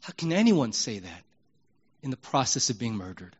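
A man preaching a sermon as a pastor, animated and emphatic, moving between loud and hushed delivery in a candid, conversational way. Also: mid-range voice, moderate pace, husky, lo-fi sound. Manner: conversational and candid, acts out prayers in his own voice.

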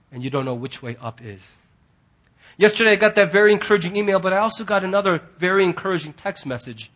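A male pastor preaching a sermon earnestly, swinging from loud emphatic lines to hushed, quiet ones. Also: high-pitched.

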